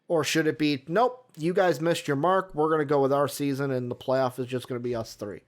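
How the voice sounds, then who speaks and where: A man's voice: on the high side, fairly quick. A man hosting a sports talk show, rambling and getting heated as he talks. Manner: heated, rambling, animated when worked up.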